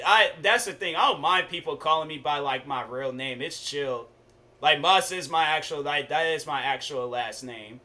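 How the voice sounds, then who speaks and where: A young man streaming a game, chatting casually with viewers and telling stories in relaxed slang. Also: a little high. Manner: laid-back, chatty, storytelling with slang. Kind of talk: casual gaming stream chat.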